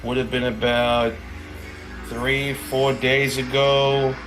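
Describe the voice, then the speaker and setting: A man's voice: mid-range voice, flat delivery, slow, music in the background. Sardonic man at the gaming table. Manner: casual and sardonic, with mild swearing. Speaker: player. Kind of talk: casual tabletop play.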